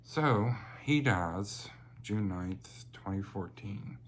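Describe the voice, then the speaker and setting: Young guy, low voice, rambly storytime with lots of ums, faint hum behind. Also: animated, extremely slow. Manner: chatty and rambling, many fillers, laughs while telling. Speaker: vlogger. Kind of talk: casual personal storytelling.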